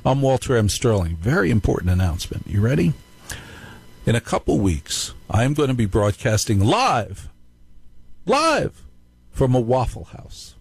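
A man's voice: medium pitch, big pitch swings, a little slow, gravelly, slightly rough, dry recording, rough recording. A man hosting a live call-in radio show, telling stories in a playful, joking way. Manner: playful, jokey storytelling. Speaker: radio talk show host.

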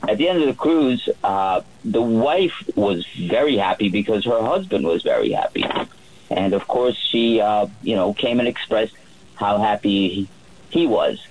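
A man who works as a yacht chef, telling a relaxed story on the radio with many fillers and restarts. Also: lowish voice, moderate pace, slight background noise, poor audio.

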